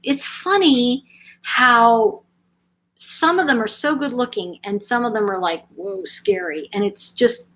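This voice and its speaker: A low-quality recording catches a middle-aged woman with a bright-ish, mid-range voice hosting a chatty live stream. She works through viewer comments aloud, stumbling into lots of ums and restarting her sentences to correct herself.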